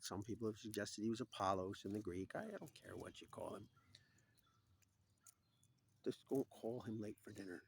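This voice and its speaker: A man talking alone to the camera in a rambling, digressive monologue, drifting between topics and jokes and acting out quoted voices in a much higher pitch. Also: a little hiss or hum.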